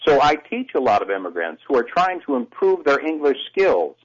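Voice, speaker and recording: Over a phone line, a man who works as a voice coach appears as a guest on a radio talk show, explaining things in a lively, teacherly way. His voice is medium-pitched and his pace moderate.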